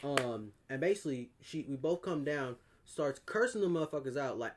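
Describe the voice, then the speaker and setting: A man's voice: mid-range voice, lively intonation, normal speed, a little hiss or hum. A young man co-hosting a podcast, telling a rambling, profane story in a laid-back, casual way. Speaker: podcast co-host.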